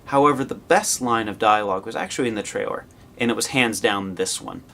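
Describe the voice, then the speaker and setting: A man hosting a review show, talking in an excited, casual way with rambling asides and sudden bursts of cheering. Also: fairly low pitch, brisk, vocal fry, a little hiss or hum.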